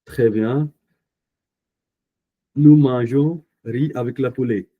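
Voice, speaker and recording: A man with an Indian English accent teaching a French class online, speaking slowly and patiently, thinking aloud and correcting himself. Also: medium pitch, breathy edge, phone-quality sound. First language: Punjabi. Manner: slow, patient, thinking aloud with many fillers; self-correcting mid-sentence.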